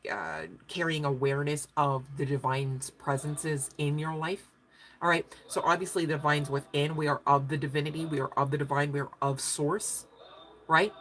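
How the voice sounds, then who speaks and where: Lady doing a tarot reading, kinda low voice, chatty and pushy, keeps asking "make sense?". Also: a bit bright. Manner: chatty, emphatic, checks in with listeners, swears casually. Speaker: tarot reader. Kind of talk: spiritual reading monologue.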